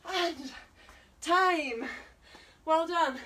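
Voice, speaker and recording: British woman fitness instructor, high voice, breathless, coaching live; mic set back, faint hiss. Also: a little slow, bright, forceful tone, distant mic, low-quality recording. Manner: encouraging, counting down and coaching while exercising. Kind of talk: online exercise class.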